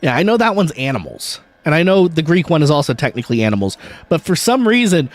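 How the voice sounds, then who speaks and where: Fast and a little high, with a sing-song lilt and no echo, this man's voice carries a relaxed gaming stream. He's chatty and playful with his audience, cursing freely and quick to laugh.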